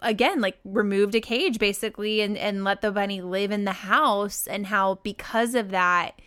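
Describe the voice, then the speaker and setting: A woman co-hosting a podcast, chatting casually in a measured, reflective way. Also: medium pitch, steady tone, fairly bright tone, smooth. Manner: measured, reflective, thoughtful reactions. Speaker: podcast co-host. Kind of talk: casual chat.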